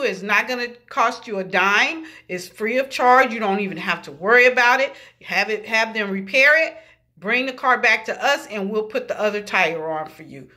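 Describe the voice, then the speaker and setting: A vlogger with a slightly high, bright, forceful voice rants heatedly about a bad customer service visit. She swears freely and acts out what each person said, quoting them in different voices as she tells the angry story.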